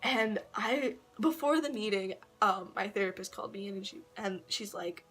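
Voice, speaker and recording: A woman's voice: mid-range voice, normal speed, hardly any pauses, a bit bright. A teenage girl telling a long personal story to camera, rambling and swearing, with frequent laughs and quoted voices. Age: teens. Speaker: vlogger. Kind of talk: casual storytelling vlog.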